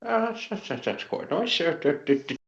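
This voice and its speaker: A man's voice: a little high, lively intonation, normal speed, lo-fi sound. A man who stammers and repeats words while playing a tabletop role-playing game. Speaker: player. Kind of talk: tabletop role-play chat.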